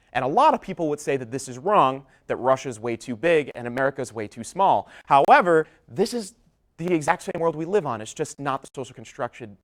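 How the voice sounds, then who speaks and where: A young man giving a public talk, telling a personal story, whose voice trails off low at the ends of his sentences. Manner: storytelling with shifting volume, drops low at line ends. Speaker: public speaker.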